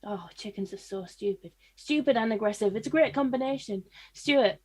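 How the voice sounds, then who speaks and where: Female co-host, playful banter, slightly high register. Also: a little mellow, husky. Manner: chatty, quick to laugh, playful. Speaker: podcast co-host. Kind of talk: casual chat.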